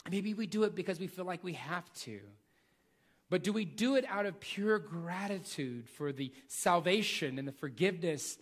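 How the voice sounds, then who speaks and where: Guy preaching, kinda high voice, earnest, repeats stuff for emphasis. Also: expressive, moderate pace. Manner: earnest, emphatic repetition, reads scripture aloud. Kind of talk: sermon.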